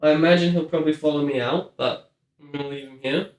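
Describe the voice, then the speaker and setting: High, playful man streaming from an echoey room. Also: steady tone, fast. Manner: playful, chatty, coos at his cat. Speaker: game streamer. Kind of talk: casual live-stream chat.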